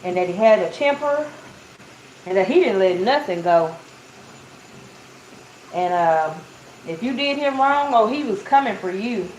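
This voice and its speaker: In a muffled, roomy recording with faint hiss, a woman gives a conversational sermon built around a Bible story. Her medium-pitched, darkish voice has lively intonation, moves unhurriedly, and pauses often. She addresses everyone as "y'all" and performs the quoted lines.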